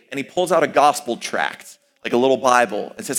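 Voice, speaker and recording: A young man tells a personal story to an audience in an animated, expressive way. His voice sits at a middle pitch, and he often jumps up high and louder for emphasis. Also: brisk, hardly any pauses. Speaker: student speaker sharing a personal story. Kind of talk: storytelling talk.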